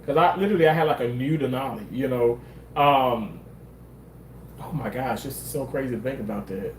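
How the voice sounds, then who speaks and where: A man's voice: medium pitch, fairly quick, roomy sound, a little hiss or hum, low-quality recording. A man from Mississippi, telling a personal story in a candid, rambling way and swearing freely. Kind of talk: casual storytelling monologue.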